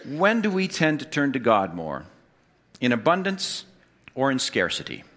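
Bright-voiced male preacher giving a sermon. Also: mid-range voice, huge pitch swings, a little slow. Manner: asks the congregation questions, wry jokes. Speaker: pastor.

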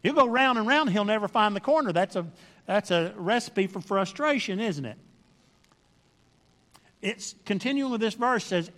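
A man's voice: high-pitched, expressive, moderate pace, fairly bright tone, in a large hall. A man preaching a sermon, reading scripture aloud and pressing his points with emphatic repetition and questions to the congregation.

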